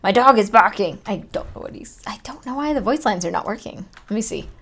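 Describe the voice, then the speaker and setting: A young woman chatting excitedly as she opens items on her gaming vlog, full of rambling asides. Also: mid-range voice, a little fast. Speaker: gaming vlogger. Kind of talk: casual unboxing commentary.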